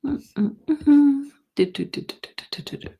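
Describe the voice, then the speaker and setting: A woman's voice: sits high, animated, normal speed, lo-fi sound. A woman hosting a psychic livestream from home, chatting casually and greeting viewers by name. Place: home in Colorado.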